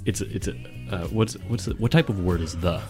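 A man co-hosting a podcast in casual chat, puzzling over words with halting restarts. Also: deep voice, a little mellow, faint music behind. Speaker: podcast co-host.

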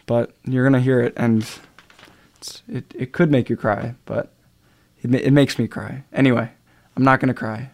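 A young man chats on air as a radio DJ, introducing songs in a loose, rambling way. He trips over his words and leans on filler sounds. His voice sits at an ordinary middle pitch. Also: a little mellow. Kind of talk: casual radio chat between songs.

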